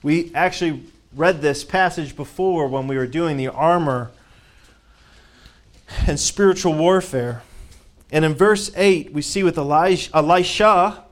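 A man delivers a sermon in a voice pitched somewhat high for a man. He reads scripture aloud with emphasis, lifting his voice on the key phrases. He often repeats words as he builds toward a point. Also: a little slow. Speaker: preacher.

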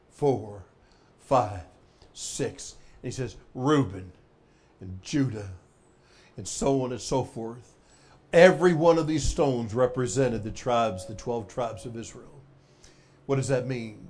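A male preacher with a mid-range voice gives a sermon, swinging dramatically between loud exclamations and hushed emphasis.

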